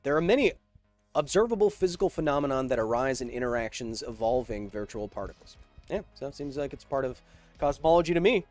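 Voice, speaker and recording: A man hosting a casual science livestream, reading viewer questions aloud and answering them with jokes, slowing down for dramatic emphasis. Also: mid-range voice. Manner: energetic, joking, shifts between slow dramatic emphasis and quick asides.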